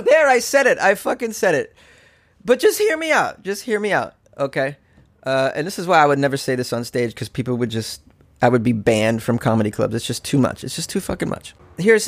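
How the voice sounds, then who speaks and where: A man's voice: medium pitch, no echo. A male stand-up comedian ranting alone on a podcast, sarcastic and profane, often laughing at his own points. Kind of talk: solo comedic podcast rant.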